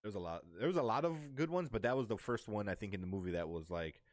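A man in a casual chat about a movie, trailing off softly and filling gaps with "you know" and "like". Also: lowish voice, expressive, fast talker, no room sound, studio quality. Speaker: movie discussion co-host.

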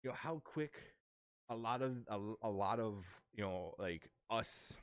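A man in a casual chat about a movie, trailing off softly and filling gaps with "you know" and "like". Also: lowish voice, lively intonation, measured pace, dry recording. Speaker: movie discussion co-host.

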